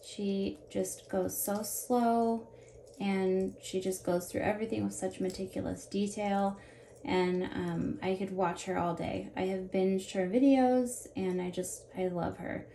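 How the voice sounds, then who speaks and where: Woman, 30s, rambling chatty vlogger with a gravelly edge, recorded in an echoey room with faint background hum. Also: mid-range voice, steady tone, unhurried, mellow. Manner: chatty, rambling, jumps between topics. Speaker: jewelry unboxing vlogger. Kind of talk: casual chat while unboxing. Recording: roomy echo with faint ambience.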